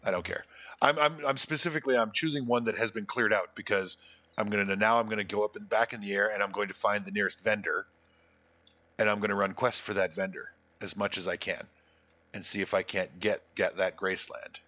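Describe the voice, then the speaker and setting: A man's voice: on the low side, steady tone, brisk, sharp tone, lo-fi sound. Blunt, crude man streaming a game. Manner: blunt and crude, rambling with many restarts. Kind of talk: casual live-stream gaming chat.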